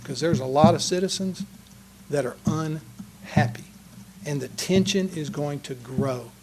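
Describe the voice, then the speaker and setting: A man's voice: sits high, animated, measured pace, darkish tone, a little hiss or hum. A man giving an earnest, passionate public comment speech at a council meeting. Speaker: citizen speaking at a city council meeting. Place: council chamber.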